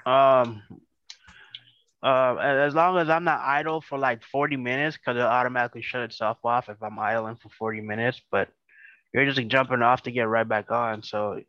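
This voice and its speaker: A laid-back man hosting a podcast, speaking at a middle pitch with plenty of fillers and restarts. His voice comes through dull and muffled over a video call, in a dry, close sound. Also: no echo. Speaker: podcast host. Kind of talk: casual chat.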